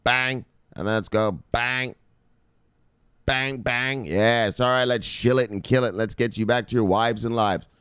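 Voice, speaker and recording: A man's voice: medium pitch, a little slow, fairly bright tone, clear, resonant tone, no room sound, clean studio sound. A man hosting a crypto video, talking in a casual, profane hype monologue and repeating words for emphasis.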